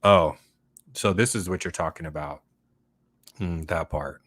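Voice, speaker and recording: A man's voice: sits low, a little slow, fairly bright tone, no echo. A man hosting his own channel, talking casually and at length to his viewers and reacting to their comments, often tagging on "right?" and laughing between points. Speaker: channel host. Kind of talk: casual livestream monologue answering viewer comments.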